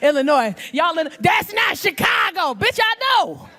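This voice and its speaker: Brash high-voiced woman comic. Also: a little slow, raised voice, soft background music. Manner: brash, animated, acts out voices. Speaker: stand-up comedian. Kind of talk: stand-up comedy with crowd work. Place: comedy club stage. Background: audience laughter.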